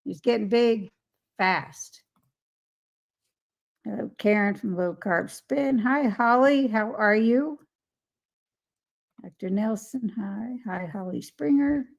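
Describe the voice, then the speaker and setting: A woman hosts a relaxed live chat, greeting each viewer by name and reading their comments aloud. Her voice sits a little high with a gravelly, creaky edge. She talks at an unhurried, slow pace. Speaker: live stream host.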